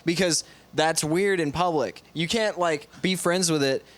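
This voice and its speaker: A man's voice: on the high side, a little slow. Young man, teasing crude podcast chat. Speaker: podcast co-host. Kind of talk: casual joking chat.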